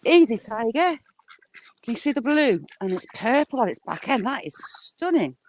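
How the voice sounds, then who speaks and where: A woman chatting casually on a walk by the water, filming on a handheld phone and cooing at ducks in a high sing-song voice. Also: big pitch swings, normal speed, slight background noise. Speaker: vlogger. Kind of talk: casual walking vlog. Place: outdoors by water.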